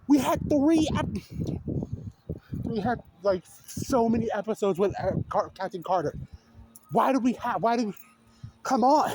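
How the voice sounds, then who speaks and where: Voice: mid-range voice, lively intonation, measured pace, long pauses, a little mellow, slight background noise. A young adult vlogger ranting off the cuff, exasperated and incredulous, firing off repeated questions and the odd swear word. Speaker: video creator. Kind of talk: unscripted rant to camera.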